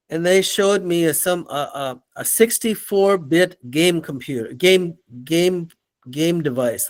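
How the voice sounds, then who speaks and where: An older man, a guest in an interview, telling animated stories and acting out the people in them. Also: a little high. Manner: animated storyteller, acts out quoted voices. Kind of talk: storytelling in an interview.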